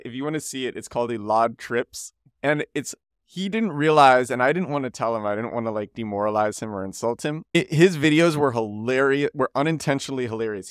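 A man's voice: mid-range voice, no echo. Man telling stories, dry and close. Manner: energetic storytelling with quick voiced quotes of friends. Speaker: podcast host. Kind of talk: solo podcast monologue.

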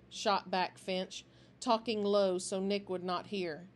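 A woman reading a children's novel aloud in a steady, expressive way. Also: medium pitch, measured pace. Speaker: storybook reader.

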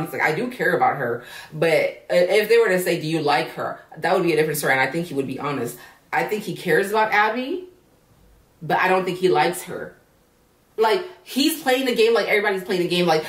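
A woman reviewing a reality show in a blunt, profane, animated rant. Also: on the low side, far from the mic. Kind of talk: casual rant. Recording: echoey room, voice from off-mic.

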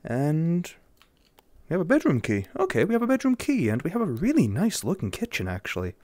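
Joking English man with a lively voice. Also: a little high, fairly quick, no echo. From England. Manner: jokey, sarcastic, excitable. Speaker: gamer. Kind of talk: horror game commentary.

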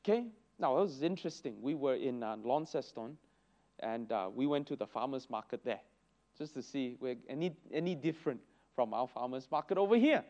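A man teaching a church Sunday school lesson, telling stories with lively exclamations. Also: mid-range voice, brisk. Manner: animated storytelling with exclamations. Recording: dull lo-fi recording.

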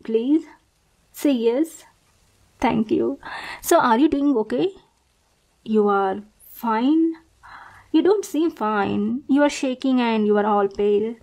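Girl doing a sweet creepy yandere type in a whispered role-play, slow and coaxing, kinda high pitched. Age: young adult. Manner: sugary, coaxing, softly menacing. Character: obsessive young woman stalker, sweetly possessive. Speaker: roleplay performer.

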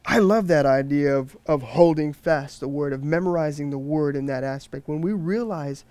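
Pastor with a fairly high, dry voice. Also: male voice, darkish tone, no echo. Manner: explanatory, with frequent restarts and fillers. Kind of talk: sermon.

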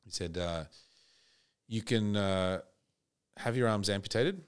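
Australian man, very deep voice, laid-back storytelling, casual swearing. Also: slow pace, clean tone. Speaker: podcast guest.

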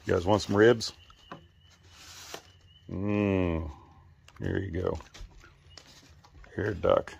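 A man casually talking to his animals while feeding them, praising and soothing them in gentle baby talk. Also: sits low, steady tone, unhurried, vocal fry, pauses often, a little hiss or hum.

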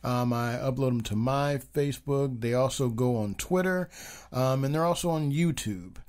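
A man's voice: medium pitch, normal speed, a little mellow. A man co-hosting a casual podcast, rambling with many ums and teasing his partner. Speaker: podcast co-host.

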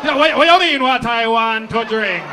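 A comedian playing a hot-tempered man, loud and indignant. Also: very high voice, normal speed. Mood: angry. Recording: live crowd laughter and hall noise.

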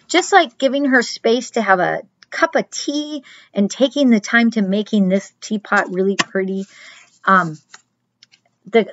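Gentle woman pastor teaching kids crafts. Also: mid-range voice, no echo, lo-fi sound. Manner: gentle, chatty, talks straight to kids. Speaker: children's pastor. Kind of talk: crafts lesson for children.

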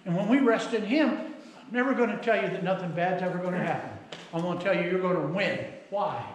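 A man's voice: high voice, fairly quick. A middle-aged male pastor preaching a sermon in a folksy storytelling manner, acting out the people in his stories. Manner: folksy storytelling with acted quotes. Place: church sanctuary. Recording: very echoey church hall, faint noise.

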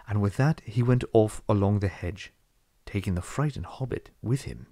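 A man reading a classic fantasy novel aloud as an audiobook narrator, telling the story in a steady, read-aloud way. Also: lowish voice, moderate pace, dry recording. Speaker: audiobook reader. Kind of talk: scripted narration.

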